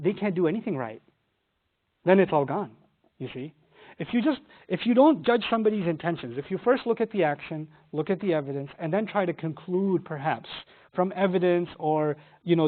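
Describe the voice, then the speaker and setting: A man gives an energetic lesson on scripture and throws himself into the quotes he acts out. His voice sits high for a man. The sound is thin and tinny, like a phone line. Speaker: Quran teacher. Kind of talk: animated lecture on scripture.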